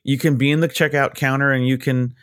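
A man's voice: mid-range voice, steady tone, a little fast, a bit bright, smooth, no room sound, studio quality. A man chatting casually on a podcast, telling sarcastic jokes and swearing freely. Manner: sarcastic joke-telling, profane. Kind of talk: casual chat.

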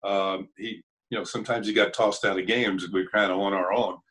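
An older man and former ballplayer, a guest in an interview, telling relaxed anecdotes with frequent chuckles and halting restarts. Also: on the low side, rough recording.

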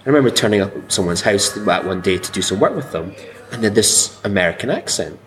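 A man's voice: lowish voice, expressive, fast, poor audio. A man from Scotland chatting casually as a podcast co-host, rambling with lots of fillers. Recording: background noise.

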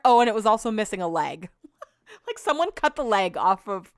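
Brief: woman solo podcast host, smooth clear voice, dry close sound, loose, chatty and profane. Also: mid-range voice, very animated, moderate pace, dry recording. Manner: rambling, chatty, swears freely. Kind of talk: casual solo podcast chat.

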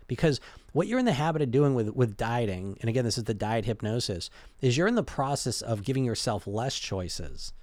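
A man's voice: medium pitch, lively intonation, fairly quick, darkish tone, no echo. A man giving a casual motivational talk as a weight-loss coach, conversational, restarting and repeating words as he goes. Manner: conversational, keeps asking "right?" and "you know?".

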